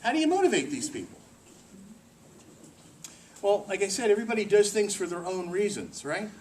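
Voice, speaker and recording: A man giving a lively, joking presentation to a staff meeting and quizzing the audience as he goes. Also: sits high, normal speed. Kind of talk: workplace presentation. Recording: distant mic with faint hiss.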